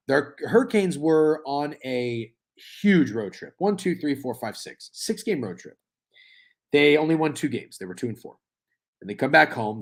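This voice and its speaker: A man hosting a sports betting podcast, running through games in loose, joking chat and swearing freely. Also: mid-range voice.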